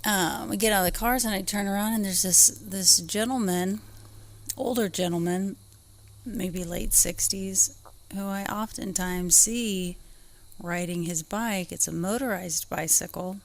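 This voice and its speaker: Slow, gravelly-voiced woman. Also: mid-range voice. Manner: laughs often, tells the story in short bursts. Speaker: podcast co-host. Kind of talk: casual chat, storytelling.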